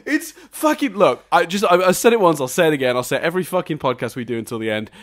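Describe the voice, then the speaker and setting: A man's voice: a little high, fast, few pauses. A man co-hosting a podcast, ranting and swearing in a casual film review chat and laughing often as he talks. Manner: animated, swearing ranter; laughs often mid-sentence. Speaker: podcast co-host.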